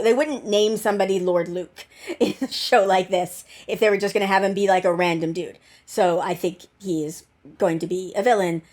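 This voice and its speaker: A woman hosting her own channel, chatting about a TV episode in a rambling, excitable way, full of "like" and gushing bursts. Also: medium pitch. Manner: excitable and gushing, with quick bursts of squealing delight. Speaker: channel host reviewing a TV episode. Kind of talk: casual chat over episode footage.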